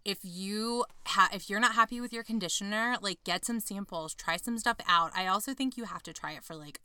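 A young adult woman co-hosting a casual chat, animated and jokey, her voice swinging from loud to soft. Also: medium pitch, brisk, clear, resonant tone, no room sound. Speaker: podcast co-host.

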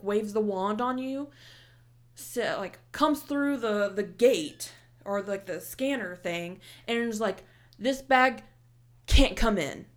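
Animated young woman, high voice. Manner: heated, animated retelling with heavy swearing and many "like" fillers. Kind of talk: casual storytelling chat.

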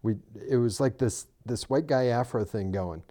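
A man's voice: medium pitch, normal speed. A middle-aged man co-hosting a podcast in casual chat, telling stories and teasing his friend. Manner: teasing, animated storyteller. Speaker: podcast co-host.

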